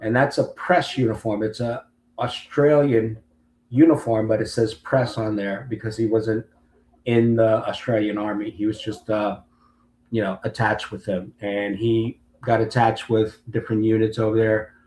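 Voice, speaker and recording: A man's voice: lowish voice, little pitch movement, moderate pace, a little mellow. Storytelling man in a roomy space. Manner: long-winded storyteller who acts out other people's lines. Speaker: interview guest, Marine veteran. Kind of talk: casual storytelling interview. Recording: roomy with faint background hum.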